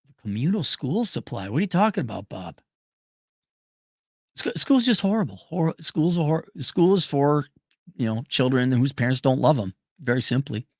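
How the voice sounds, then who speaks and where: A man hosting a casual livestream, talking bluntly and emphatically, jumping between loud declarations and low muttered asides as he reads viewer messages. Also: big pitch swings, normal speed, no echo, clean studio sound. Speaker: livestream host reading super chats.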